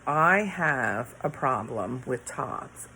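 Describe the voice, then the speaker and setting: Slow, tired middle-aged woman. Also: very deep voice, animated, bright, forceful tone, a little hiss or hum, poor audio. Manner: rambling, trailing off, sighing. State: tired, yawning. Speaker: vlogger. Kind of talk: casual late-night chat to camera. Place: her bedroom at home.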